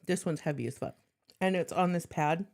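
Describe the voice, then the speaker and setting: A lowish-voiced woman chatting on a stream, swearing freely and speaking bluntly. Her tone is sarcastic and matter-of-fact. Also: moderate pace, creaky, darkish tone. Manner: slightly out of breath while moving furniture. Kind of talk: casual stream chat.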